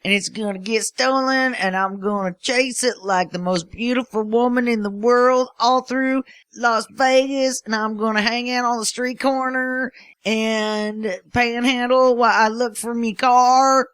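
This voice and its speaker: A woman voicing a boastful young redneck man who daydreams about his future, speaking in a raised, drawn-out drawl. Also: a little high, fairly even intonation, fairly bright tone, clean tone, no room sound, pitched above the performer's own voice. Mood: dreamy boastful.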